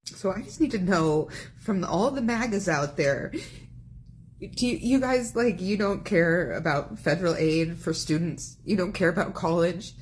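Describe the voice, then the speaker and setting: A woman's voice: on the low side, slight background noise. A woman, a parent, ranting upset into her phone for a social media video. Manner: upset, pleading, rapid questioning.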